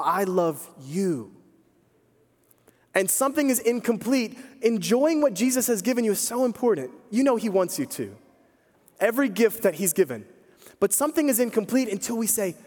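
A man's voice: high-pitched, darkish tone. A man preaching a sermon as pastor, telling a story in a conversational, emphatic way. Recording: long hall reverb.

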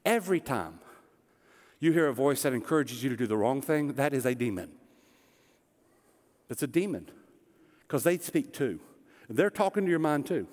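A man's voice: mid-range voice, big pitch swings, normal speed, long pauses, a little mellow. A middle-aged man, a pastor, preaching a sermon in a church sanctuary with earnest emphasis and rhetorical questions. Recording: long hall reverb.

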